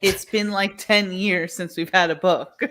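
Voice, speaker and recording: A woman co-hosting a podcast, chatting in a relaxed, teasing way. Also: fairly low pitch, a little slow, slight background noise. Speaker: podcast co-host. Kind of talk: casual chat.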